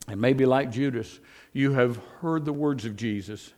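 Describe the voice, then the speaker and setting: A man's voice: mid-range voice, a little slow, darkish tone. A man preaching an earnest sermon, reading scripture aloud and building to emphatic points. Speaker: pastor.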